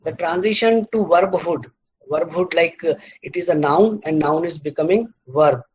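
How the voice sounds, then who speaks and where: A middle-aged man lecturing on word formation, halting often with fillers and restarts and repeating words aloud to show their stress. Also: on the high side, slight background noise, poor audio. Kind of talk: university lecture.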